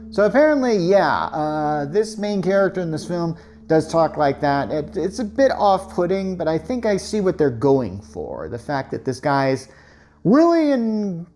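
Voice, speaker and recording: A woman in a rambling, sarcastic review rant, her voice sitting low but swinging widely up and down as she asks rhetorical questions. Faint music plays underneath. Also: darkish tone. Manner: chatty, sarcastic, with frequent fillers and rhetorical questions. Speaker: film reviewer. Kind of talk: casual rant-style movie review.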